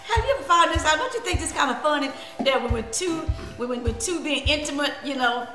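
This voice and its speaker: A woman minister hosting a casual live stream, laughing often and giving lively preachy asides to her viewers. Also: high voice, quick pace, roomy sound, faint music behind.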